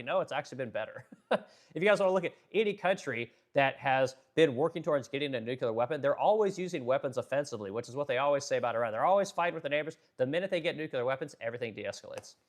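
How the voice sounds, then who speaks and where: A young adult man from the Pacific Northwest hosting a casual livestream, reading chat and talking bluntly with profanity and lots of fillers. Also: mid-range voice. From Pacific Northwest, Oregon.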